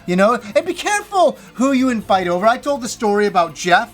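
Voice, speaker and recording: A middle-aged man hosting a casual chat about games, telling stories with lively animation and plenty of swearing. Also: extremely high pitch, brisk, soft background music. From Canada. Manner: animated storyteller, swears freely. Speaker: host.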